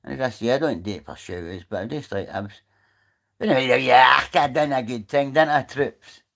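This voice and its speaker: This Scottish livestream host talks at medium pitch, a little fast, with vocal fry and a slightly bright quality. He's outdoors, casually rambling through a story and cursing without restraint.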